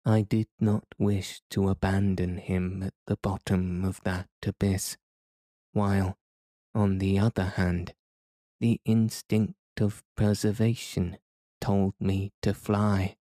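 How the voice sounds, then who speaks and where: Scripted audiobook narration comes from a low-voiced man telling the story in a steady, measured way. The audio is studio quality with no room sound.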